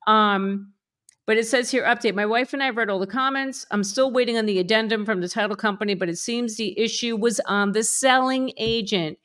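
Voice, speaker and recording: A woman with a slightly higher voice co-hosting a casual podcast. She reads a post aloud in a playful, chatty tone, breaking off now and then to add her own remarks. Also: a little fast, fairly bright tone. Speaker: podcast co-host. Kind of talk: casual chat, reading a forum post aloud.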